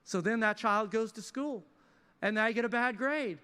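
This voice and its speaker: A man pastor preaching a sermon in a lively, conversational way with casual asides. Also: very high-pitched, moderate pace. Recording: reverberant church hall.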